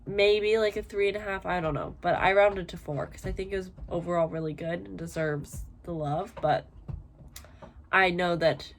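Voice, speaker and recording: A woman's voice: fairly low pitch, steady tone, moderate pace. A woman in her twenties chatting casually in a book vlog, rambling with lots of fillers. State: tired, yawning. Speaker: book vlogger.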